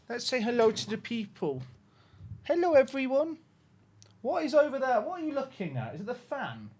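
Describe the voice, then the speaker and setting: A man's voice: high-pitched, husky. A man on a headset mic, talking to his livestream chat while cooing to his dog in baby talk. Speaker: game streamer.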